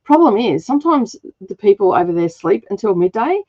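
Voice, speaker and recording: A woman's voice: mid-range voice, very animated, a little fast, warm tone. Chatty woman host with muffled audio. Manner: chatty and rambling, laughs often, many fillers. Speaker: craft channel host. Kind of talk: casual livestream chat.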